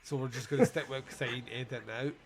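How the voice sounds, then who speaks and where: A man's voice: medium pitch, steady tone, very fast, breathy edge. A man hosting a podcast, recapping a film in casual, sweary, joking chat. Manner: sweary, jokey, quotes scenes in put-on voices. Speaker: podcast host.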